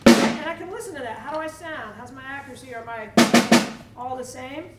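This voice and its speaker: A woman leading a percussion clinic for students in a school hall, energetic, asking the room questions and demonstrating. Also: high-pitched, fairly quick, over loud music. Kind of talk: teaching a drum clinic to students. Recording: echoey hall, mic at a distance, drumming behind.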